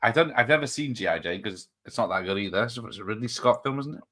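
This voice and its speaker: A man's voice: on the low side, lively intonation, fast, bright, forceful tone. A man hosting a film watch party, chatting casually, rattling off film titles and laughing often. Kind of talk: casual chat.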